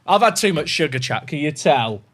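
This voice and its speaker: A man chatting casually on a gaming livestream, excitable and rambling. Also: on the high side, moderate pace.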